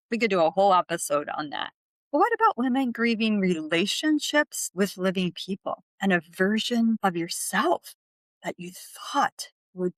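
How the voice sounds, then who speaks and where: A woman in her fifties hosting a reflective solo podcast, speaking gently and asking the listener questions. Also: mid-range voice, dry recording. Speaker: podcast host.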